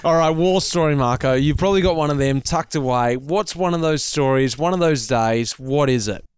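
A man's voice: on the high side, moderate pace, clean tone, no room sound. Man asking short, prompting questions. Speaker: podcast host. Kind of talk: casual interview.

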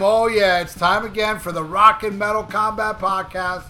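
A man hosting a rock and metal podcast, loud and teasing in casual banter. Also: sits high, steady tone, moderate pace, few pauses, loud music behind the voice. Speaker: podcast host.

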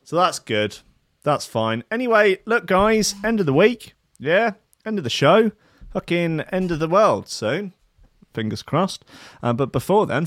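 A man's voice: fairly high pitch, big pitch swings, slow, a bit bright, no room sound. A man hosting a DJ show from a studio desk, rambling and swearing with self-mocking humor. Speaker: DJ and show host. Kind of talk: casual chat. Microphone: webcam setup.

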